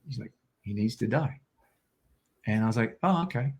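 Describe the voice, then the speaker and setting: A man's voice: on the low side, normal speed, a little mellow. An Australian man telling a personal story as an interview guest, vivid and intense, acting out quotes.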